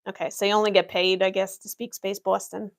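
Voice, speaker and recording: There is vocal fry in her brisk, level mid-range voice as the young adult woman answers chat in character. She is livestreaming as an Imperial office worker, and her humor is dry and matter-of-fact.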